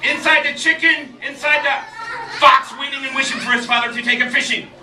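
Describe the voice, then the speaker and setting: Brief: playful male children's storyteller, high lively voice, echoey live room, crowd. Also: a little fast, recorded from a distance, noisy background. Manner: animated, playful, repeating refrains. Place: live children's show venue.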